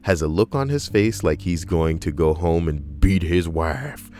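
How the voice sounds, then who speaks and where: A man's voice: sits low, unhurried, few pauses, warm tone, soft background music. A young man reading stories aloud and breaking off into sarcastic, profane, rambling asides. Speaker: story reader and commentator.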